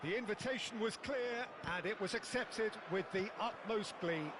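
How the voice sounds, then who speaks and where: A man doing play-by-play football commentary, flowery and dramatic, erupting with excitement at big moments. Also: sits high, moderate pace. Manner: flowery, dramatic, bursts into loud excitement at goals. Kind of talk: sports commentary from a video game. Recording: loud background noise.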